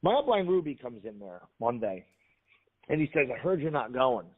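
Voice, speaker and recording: A man on a radio show telling a story in an animated way, quoting the people in it. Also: mid-range voice, normal speed. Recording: tinny phone line on radio.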